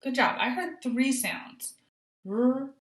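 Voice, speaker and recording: A woman teaching a phonics lesson to young children, sounding out letters slowly and praising often. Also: sits high, reverberant. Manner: encouraging, sing-song praise, slow sounding out of letters. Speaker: kindergarten teacher.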